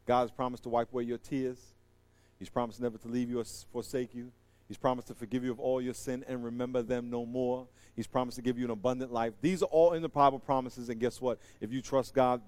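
A man preaching a sermon, animated and joking, swinging from loud emphatic lines to quiet asides. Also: mid-range voice, fairly quick, dry recording. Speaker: pastor.

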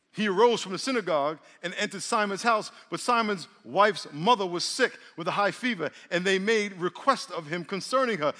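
A man's voice: high voice, sharp tone, long reverb tail. A male pastor preaching a sermon, calling on the congregation to respond and slipping in jokes. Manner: preaching with call-and-response and humor.

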